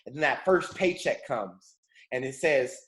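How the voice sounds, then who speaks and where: A man leading a morning mentorship call as a motivational coach, fervent and repetitive, swinging between rising excitement and soft, low reflection. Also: a little slow. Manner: drops to a soft, low hush for reflective moments. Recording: echoey room.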